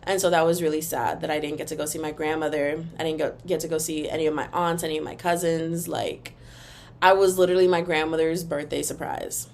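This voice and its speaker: A young woman hosting a casual solo podcast, ranting in an animated, emphatic, rambling way, and now and then breaking into a taunting sing-song chant. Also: low voice, brisk, slight background noise. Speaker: podcast host.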